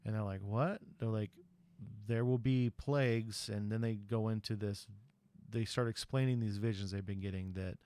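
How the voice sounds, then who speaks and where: A man with a lowish voice talks through a film's plot in a loose, casual podcast recap. He rambles and hedges with frequent ums. The sound is dry and close, with no room echo. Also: little pitch movement, brisk, a little mellow, clear, resonant tone. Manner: rambling, chatty retelling with frequent ums and you-knows. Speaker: podcast host.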